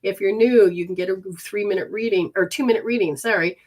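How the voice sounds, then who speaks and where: A woman's voice: mid-range voice, darkish tone. A woman leading a live healing session and giving readings, soothing and coaxing with repeated instructions. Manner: talks to viewers and spirits, switches fast between voices.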